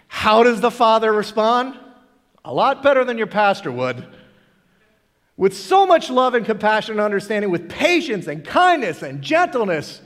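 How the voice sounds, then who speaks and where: High, lively preaching man in a reverberant hall. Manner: animated preaching, acting out characters' lines. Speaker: pastor. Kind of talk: sermon.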